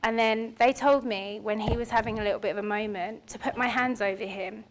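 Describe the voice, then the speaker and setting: A woman, telling a personal story on stage in a chatty, animated way. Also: fairly high pitch, fairly quick. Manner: chatty and animated, with filler words. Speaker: spiritual speaker at an expo. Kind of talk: casual personal storytelling talk. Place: expo hall stage.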